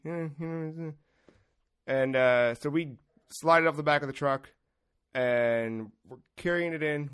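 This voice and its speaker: Animated, cursing podcast host telling a story. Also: male voice, on the high side, smooth. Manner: profane, animated, acts out quotes. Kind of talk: casual storytelling.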